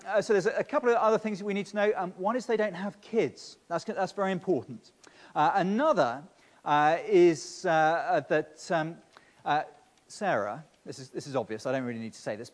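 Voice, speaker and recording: Male pastor, somewhat high-pitched, preaching in a church with long reverb, stop-start repetitions. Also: normal speed. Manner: repeats words at the start of phrases; speaks directly to the children. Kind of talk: sermon.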